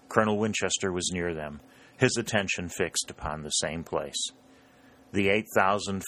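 Deep-voiced male audiobook narrator. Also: a bit bright. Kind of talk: scripted narration.

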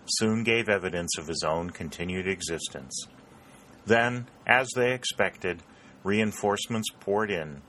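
A man reading an audiobook in a measured, even narration. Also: sits low, a little hiss or hum.

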